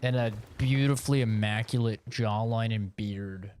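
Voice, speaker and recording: A gaming streamer with a lowish voice speaks at normal speed over background noise, giving live commentary on a video game. He fills it with profane jokes and banter aimed at the on-screen characters.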